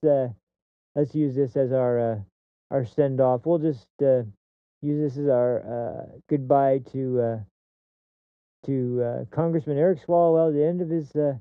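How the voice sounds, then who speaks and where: A man's voice: a little high, clean tone, no echo. A man hosting a show, talking off the cuff in a rambling monologue full of restarts and fillers, swearing when he gets heated. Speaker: podcast host. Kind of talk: casual commentary monologue. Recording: dry, tinny phone-like sound.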